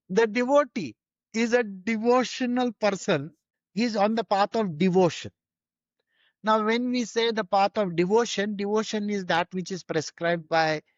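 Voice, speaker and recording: Woman spiritual teacher, earnest and explanatory, middle pitch, dry muffled sound. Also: no echo. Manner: earnest, explanatory, with Sanskrit terms and frequent "you know". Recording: dry, slightly dull sound.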